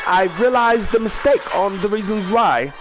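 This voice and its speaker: A man hosting a fan-made video-game wrestling show, rambling in casual chat and breaking into drawn-out ring-announcer calls. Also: sits high, fairly bright tone, soft background music. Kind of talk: casual hosted recap with announcer flourishes.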